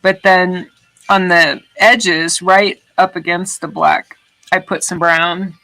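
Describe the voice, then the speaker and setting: A woman's voice: fairly low pitch, steady tone, slow, sharp tone, low-quality recording. A woman artist chatting casually on a livestream while she works, rambling and swearing now and then. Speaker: artist streaming her work. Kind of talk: casual livestream chat while making art.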